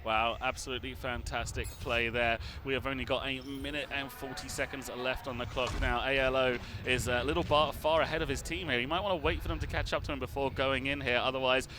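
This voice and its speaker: Man, esports co-caster, mid-pitched voice, chatty, clear traffic noise behind. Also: fairly quick, few pauses. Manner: chatty, laughs easily, animated recaps. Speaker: esports color commentator. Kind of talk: color commentary.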